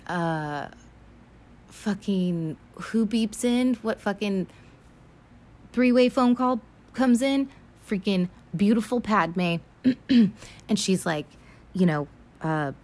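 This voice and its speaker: A young woman casually recapping a film, chatty and profane, retelling scenes with animated asides. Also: mid-range voice.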